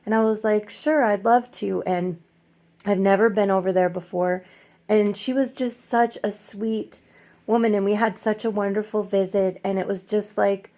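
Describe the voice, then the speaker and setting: Middle-aged woman, home vlogger, soft and rambling, some vocal fry, medium pitch. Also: steady tone, measured pace. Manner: soft-spoken, rambling with many fillers; gently emotional. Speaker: doll collector vlogger. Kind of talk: casual vlog chat.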